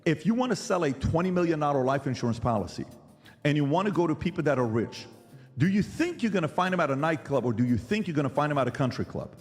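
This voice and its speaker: A man's voice: on the high side, sing-song, quick pace, long reverb tail, faint music behind. A middle-aged man hosting a podcast who argues emphatically, firing rhetorical questions and mimicking other people's lines. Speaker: podcast host. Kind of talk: animated debate monologue.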